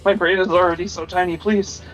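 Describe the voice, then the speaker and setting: High-voiced joking man with a Wisconsin accent. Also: level tone, fairly quick, dull audio, faint music behind. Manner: rambling, joking, self-deprecating. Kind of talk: gaming voice chat.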